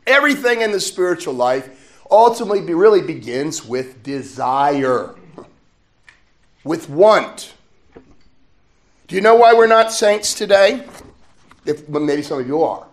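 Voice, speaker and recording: A man from the States, preaching a sermon in a lively call-and-response manner and chuckling often. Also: high voice, measured pace, pauses often. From Southern United States.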